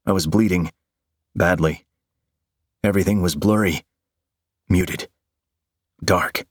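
A man giving dramatic first-person fiction narration in an intense, measured storytelling manner. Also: deep voice, dry recording, studio quality.

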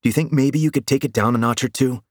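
A man's voice: mid-range voice, quick pace, no room sound, clean studio sound, pitched above the performer's own voice, natural voice. A man voicing a petite, tough female partner who scolds with exasperation in an audiobook. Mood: exasperated. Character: petite tough woman partner, stern and impatient.

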